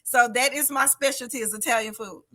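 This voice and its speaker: A woman chef telling stories from her childhood in a lively, casual chat, laughing often and acting out the people in them. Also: a little high, a little fast. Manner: animated storyteller, laughs often, acts out voices. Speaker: guest chef. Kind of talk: casual storytelling interview.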